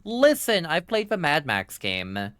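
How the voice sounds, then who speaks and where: A man with a faded German accent giving excitable, profane live gameplay commentary as a streamer, quick to laugh. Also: on the high side, clean tone, dry recording.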